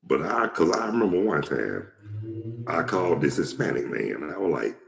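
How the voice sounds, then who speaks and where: A very deep-voiced, gravelly middle-aged man spins loose, profane anecdotes in a casual host monologue. His pitch rises and falls widely as he goes. He is recorded in an echoey room with a long, lingering reverb. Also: big pitch swings, moderate pace. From Atlanta, Georgia. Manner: rambling, blunt, profane anecdotes. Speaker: show host.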